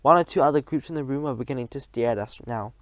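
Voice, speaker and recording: A man reading a children's storybook aloud in a lively storytelling manner. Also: medium pitch, fast talker, no echo. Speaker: narrator.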